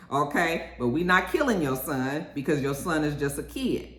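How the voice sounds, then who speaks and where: A TV show reviewer chatting casually through an episode recap while cooking at home, animated, with frequent "okay"s. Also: medium pitch, normal speed, hardly any pauses. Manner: animated storytelling, tag-on okays. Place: home kitchen. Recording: echoey room.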